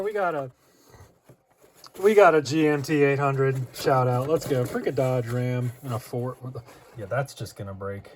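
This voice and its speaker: Excitable young man gushing over old gear. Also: normal speed. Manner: excitable, gushing, often breaks into high exclamations. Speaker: RC car vlogger. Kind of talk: casual unboxing commentary.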